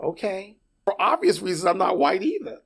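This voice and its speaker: A middle-aged man from Puerto Rico, a podcast guest, talking in a casual interview as an animated storyteller who often restarts and repeats words. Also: high-pitched, moderate pace, gravelly, husky.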